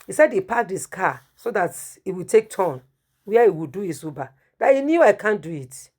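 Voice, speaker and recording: Middle-aged woman, lower voice, emotional storytelling preacher. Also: a little mellow. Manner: storytelling, acts out dialogue, emotional. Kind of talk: testimony sermon.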